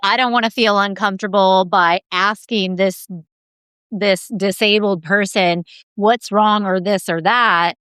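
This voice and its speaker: A woman's voice: mid-range voice, steady tone, measured pace, a bit bright, clean tone, no room sound. A woman hosting a podcast, chatting casually and affirming her guest often with "yeah," sometimes swearing mildly. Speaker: podcast host.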